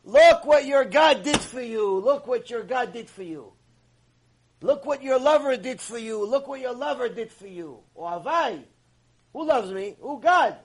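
A man acting out a rabbi's wife cheering with joy, with a husky voice. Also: very high-pitched, normal speed, exaggerated voice. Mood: joyful. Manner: exuberant, repetitive cheering.

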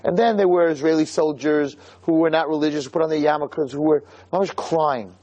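A man's voice: fairly high pitch, a little fast, a little mellow, lo-fi sound. A man giving a heartfelt, storytelling religious lecture, stumbling over restarts and rising to fervent emphasis. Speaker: Jewish lecturer. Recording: recorded on camera, live talk.

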